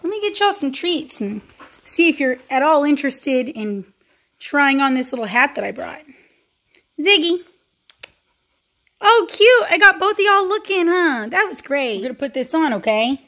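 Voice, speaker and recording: A woman's voice: sits high, expressive, moderate pace, fairly bright tone. A woman, filming a casual vlog as a pet sitter and talking to dogs in sing-song baby talk.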